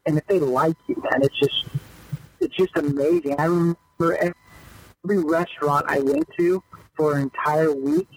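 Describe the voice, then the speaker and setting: A man's voice: a little high, moderate pace, breathy edge, low-quality recording. A man in a casual podcast interview, loosely telling stories of his pro baseball days with many fillers. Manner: loose, animated storyteller with lots of fillers. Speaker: guest, former pro baseball player.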